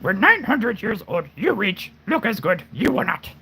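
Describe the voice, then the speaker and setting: A man's voice: sits high, sing-song, moderate pace, sharp tone, voice pushed up, full character voice. A man impersonating Yoda, an ancient, tiny, cryptic alien master who speaks in backwards phrasing. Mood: wise. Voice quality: gravelly, croaky, backwards phrasing.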